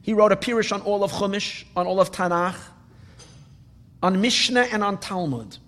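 Male Torah teacher, high voice, long reverb of a hall, questioning lecture style. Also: normal speed, fairly bright tone. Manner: questioning, explains Hebrew phrases with translations.

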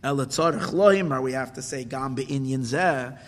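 A man teaching a Torah class, mixing Hebrew and Yiddish terms into English and swinging from quiet to loud. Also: medium pitch, moderate pace, big-room sound.

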